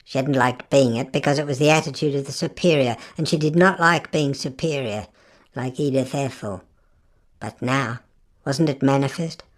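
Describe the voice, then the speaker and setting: A woman with a notably deep voice reads a literary novel aloud. Her narration is expressive and wry, and she shifts her emphasis as she goes. The delivery stays steady and unhurried. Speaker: audiobook narrator.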